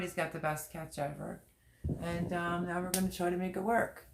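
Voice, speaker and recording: This middle-aged livestream host speaks at a normal speed, her voice on the low side and her delivery flat. Chatting casually from home in an echoey room, she rambles, gets emotional, speaks candidly and says things more than once.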